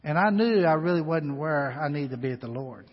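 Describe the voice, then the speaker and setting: A man preaching a sermon in a church, telling a personal story and swinging between hushed asides and loud, rising exhortation. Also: on the high side, animated, a little fast. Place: church sanctuary. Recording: long hall reverb, dull lo-fi sound.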